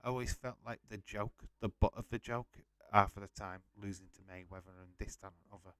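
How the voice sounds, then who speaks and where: In a steady, fairly low voice, a wrestling watch-along host talks briskly through his live stream, with no room sound on the recording. He keeps it casual and blunt, swears a lot, greets the audience, and reads viewer comments out.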